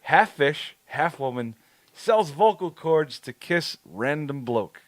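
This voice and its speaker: A man's voice: fairly high pitch, expressive, takes it slowly, no echo. A man co-hosting a podcast in casual chat, swearing and laughing often. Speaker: podcast co-host.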